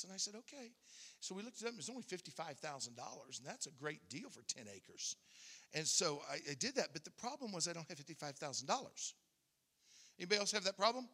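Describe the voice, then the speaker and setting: Bright-toned preacher man in an echoey hall. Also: high-pitched, animated, fast. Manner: conversational, repeats words when starting a thought. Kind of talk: storytelling sermon.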